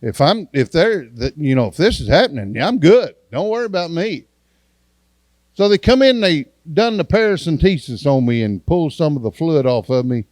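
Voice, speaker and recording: A man's voice: on the high side, animated, moderate pace, darkish tone, no room sound. A man, an evangelist giving a testimony sermon in a church and acting out the dialogue in his story in a folksy way.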